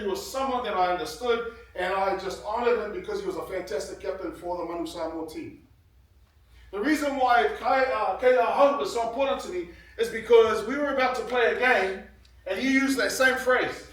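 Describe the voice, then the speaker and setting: A man's voice: high voice, normal speed, fairly bright tone. Man in his 50s, earnest motivational speaker; sound is distant from the mic in a very reverberant hall. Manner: earnest storytelling, grows emotional. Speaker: guest speaker, former rugby player. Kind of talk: motivational speech to students. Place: large hall with an audience. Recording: very echoey hall, heard from afar.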